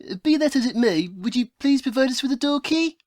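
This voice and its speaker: A woman's voice: high-pitched, expressive, brisk, darkish tone, dry recording, studio quality. A woman voicing a prim, haughty male detective in a comedy audio play, with a formal, fussy, scolding manner.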